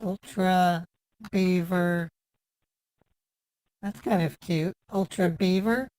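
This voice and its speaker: A man's voice: high voice, a little slow, dry recording. A man putting on the voice of a fussy, prim woman in her thirties for a prank phone call, chatty and nitpicking with mock flirting. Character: fussy, prim 36-year-old woman customer. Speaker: scambaiter.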